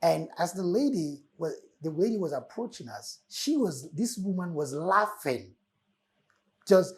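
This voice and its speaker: Husky-voiced man giving a motivational talk. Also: a little high, expressive, measured pace. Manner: preacherly, repeating key words with emphatic swells. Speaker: host.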